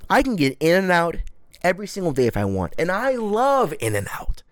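Man, 20s, tipsy, self-mocking, sweary, very animated pitch, dry recording. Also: moderate pace, no room sound. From United States. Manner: rambling, profane, self-mocking. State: a little drunk. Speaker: podcast host. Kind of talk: casual solo podcast monologue.

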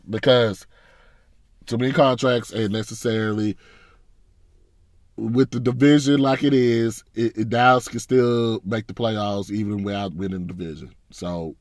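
A man's voice: fairly low pitch, steady tone, moderate pace, no echo, studio quality. A man ranting as a fan, blunt and profane, in a casual, frustrated reaction. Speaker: sports fan commentator.

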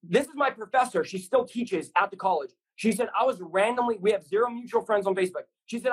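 A pastor in his thirties shares his testimony as a guest, talking fast with passion and a preacherly, rambling energy. His voice is high-pitched, expressive, and slightly rough, and the recording is low quality.

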